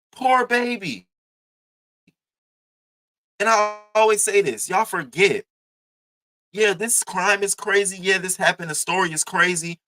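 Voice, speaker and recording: Animated, profane man reacting to news. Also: fairly high pitch. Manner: animated, profane, talks straight to viewers. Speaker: news commentary host. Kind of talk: casual reaction commentary.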